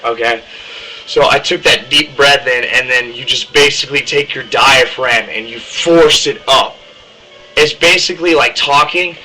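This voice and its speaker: A man's voice: mid-range voice, sharp tone, slight background noise, rough recording. A young man casually explaining how he does his screamed metal vocals, rambling with lots of ums. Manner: rambling, many ums, demonstrates harsh screams. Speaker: vocalist teaching screaming technique.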